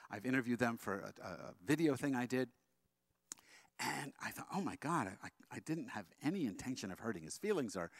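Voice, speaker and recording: A man speaking at an interfaith event, telling a personal story in a quick, animated way with frequent restarts. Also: medium pitch, no echo. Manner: leads the audience in slow sung chant, then tells a story in a quick, animated way. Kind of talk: storytelling talk with sung chant.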